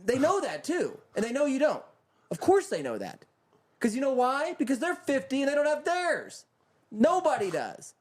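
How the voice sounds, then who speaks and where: A man's voice: very high-pitched, wildly swooping pitch, moderate pace, darkish tone. A man co-hosting a casual talk show, ranting heatedly and profanely. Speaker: podcast co-host. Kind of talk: casual comedic rant.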